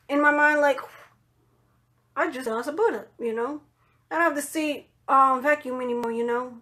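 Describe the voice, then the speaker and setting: A woman telling a personal story in a casual vlog, animated, swearing freely and acting out what other people said. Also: moderate pace. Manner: animated, swearing, acts out quoted voices in higher pitch.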